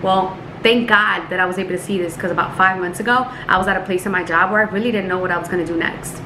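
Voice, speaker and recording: A woman's voice: lowish voice, steady tone, quick pace, background noise. A woman coaching her team in a casual vlog, upbeat, chatty and playful. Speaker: network marketing team leader. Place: Miami. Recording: roomy echo.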